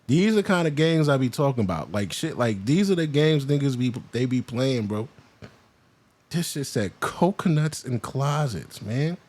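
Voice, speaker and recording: A man's voice: medium pitch, animated, moderate pace, darkish tone. A man hosting a reaction video, casually commenting and mockingly imitating the people in the clips. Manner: laid-back, mocking, mimics clip speakers.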